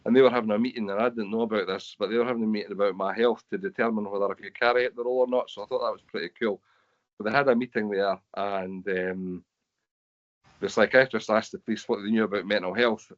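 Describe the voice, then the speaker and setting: A man's voice: lowish voice, dull audio. A man with a Scottish accent, telling earnest personal stories with quoted dialogue in an online talk. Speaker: webinar speaker sharing lived experience. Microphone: video call.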